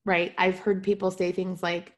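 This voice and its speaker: A woman with a slightly low voice teaches a spiritual class online, heard through a video call. Her delivery is casual and conversational, and she often checks in with her listeners. She now and then pokes fun at herself. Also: flat delivery, normal speed. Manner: light self-mocking humor.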